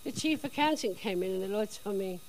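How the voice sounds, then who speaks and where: A woman telling a personal faith testimony in a chatty, animated storytelling way. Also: medium pitch, brisk, slight background noise, low-quality recording. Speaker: speaker giving a testimony.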